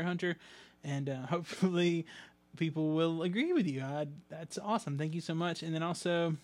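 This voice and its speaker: A man's voice: on the high side, dry recording. A man hosting a podcast in a casual, rambling way with many ums and restarts, reading out listener mail. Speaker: podcast host.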